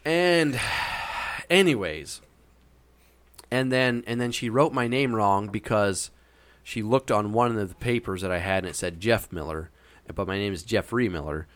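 A man's voice: lowish voice, measured pace, a bit bright, no echo. A man casually telling a long, meandering anecdote with frequent hesitations. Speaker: storyteller. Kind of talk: casual chat.

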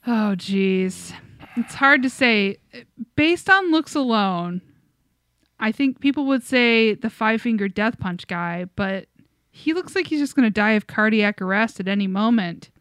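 A woman's voice: mid-range voice, lively intonation, a little slow, a bit bright, dry recording, clean studio sound. A woman co-hosting a casual comedy podcast who laughs often while reading comments and telling stories. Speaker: podcast co-host.

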